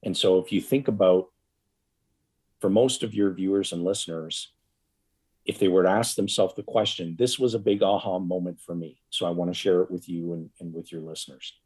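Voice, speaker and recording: Husky low-voiced man, earnest guest. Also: fairly even intonation, a little fast, a little mellow. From Canada. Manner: earnest, reflective explaining. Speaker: guest, financial coach. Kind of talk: podcast interview.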